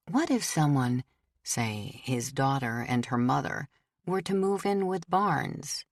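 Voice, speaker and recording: A woman reading a novel aloud as an audiobook narrator, in a measured, steady way. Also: very deep voice, dry recording, studio quality. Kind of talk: scripted narration.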